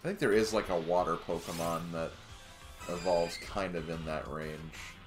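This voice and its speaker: A man's voice: low voice, fairly even intonation, normal speed, over music. A man streaming a game, giving casual commentary as he plays. He thinks aloud and chuckles at his own remarks.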